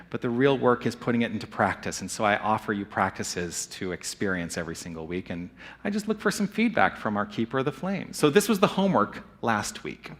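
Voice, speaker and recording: A male minister talks to his church congregation in a relaxed, upbeat way. His bright voice rises and falls a lot. He sounds conversational rather than formal. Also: medium pitch. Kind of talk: sermon with congregation sharing. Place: church sanctuary.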